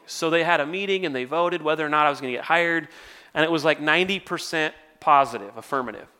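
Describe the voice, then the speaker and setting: A man's voice: sits high, bright, forceful tone. A male worship pastor preaching to a church congregation in a conversational, storytelling way with self-deprecating humor. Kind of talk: sermon.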